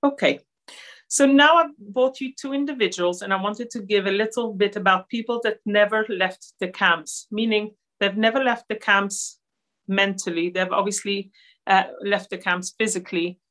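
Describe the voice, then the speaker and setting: Earnest woman from israel doing a slide lecture, lots of ums, bright forward voice. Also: mid-range voice, moderate pace. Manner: earnest, with frequent fillers. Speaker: lecturer at a Holocaust centre. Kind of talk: slide-based talk.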